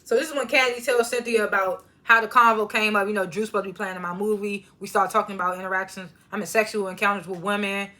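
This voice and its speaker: Woman recapper with AAVE speech, casual and animated, bright tone. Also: medium pitch, quick pace, few pauses. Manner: laughs often, animated retellings of quotes. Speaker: reality TV recapper.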